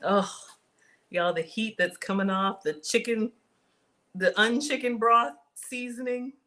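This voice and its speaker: A woman hosting a casual live cooking stream from her kitchen, chatty and excitable, talking straight to her viewers as she cooks. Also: fairly high pitch, a little slow. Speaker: cooking livestream host. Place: home kitchen.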